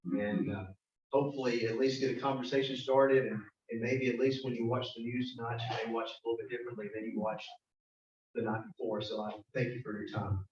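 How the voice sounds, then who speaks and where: A man's voice: medium pitch, little pitch movement, fairly quick, a little mellow. Man giving a speech in echoey room. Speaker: guest speaker. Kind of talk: prepared speech. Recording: echoey, distant, dull room recording.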